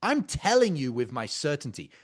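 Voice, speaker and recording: A man's voice: a little high, sing-song, normal speed. A man coaching sales closers, breaking down a practice call in an emphatic, intense way with casual swearing.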